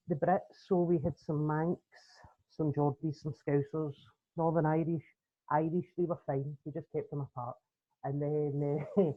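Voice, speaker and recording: Husky Glaswegian woman doing stand-up. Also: low-pitched. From Scotland. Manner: punchy, conversational storytelling with tag questions. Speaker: comedian guest. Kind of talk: stand-up routine. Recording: tinny phone-like line.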